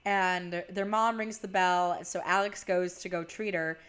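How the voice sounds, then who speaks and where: A woman's voice: lowish voice, steady tone, unhurried, a bit bright, smooth. A young woman casually recapping a movie plot, chatty and peppered with "like", swearing freely.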